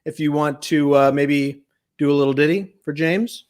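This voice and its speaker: Man, high-pitched, rambling, hesitant, deadpan, comedy telethon host. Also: moderate pace. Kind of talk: improvised comedy banter.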